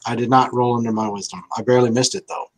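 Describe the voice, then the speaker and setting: A man playing in a tabletop game, speaking in an unhurried way with thinking fillers. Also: medium pitch, fairly even intonation, rough recording. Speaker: player.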